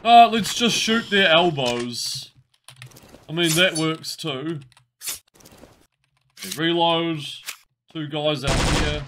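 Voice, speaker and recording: A man's voice: on the high side, takes it slowly, pauses often, noisy background. A man casually commenting while he plays a game live, with wry, chatty reactions. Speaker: game streamer.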